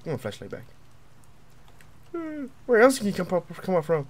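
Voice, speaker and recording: A young man commentating a horror game as he plays, jumpy and excitable, yelping and taunting the monster. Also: high voice, normal speed. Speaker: gaming video creator.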